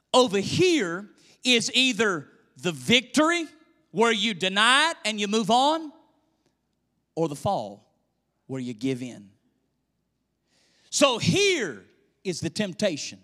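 A male pastor preaching a sermon in a church, swinging between loud emphasis and hushed near-whispers. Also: high-pitched, sing-song, slow, pauses often. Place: church sanctuary. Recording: echoey church hall reverb.

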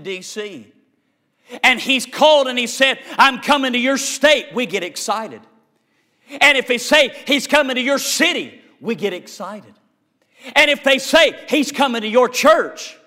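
Man, preacher, very high voice, bright ringing tone, rhythmic, folksy, shouted peaks. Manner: folksy, calls listeners honey. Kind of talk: sermon.

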